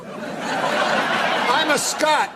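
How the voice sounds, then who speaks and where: A man telling a long, meandering joke as a talk-show guest, in a deadpan, drawn-out way. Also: extremely high pitch, a loud crowd, very noisy.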